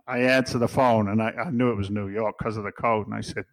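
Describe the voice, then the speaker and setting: A man's voice: lowish voice, steady tone, fast talker, dry recording, poor audio. A middle-aged man with an English accent, a podcast guest telling stories in a blunt, jokey, swearing way. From England. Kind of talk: casual storytelling.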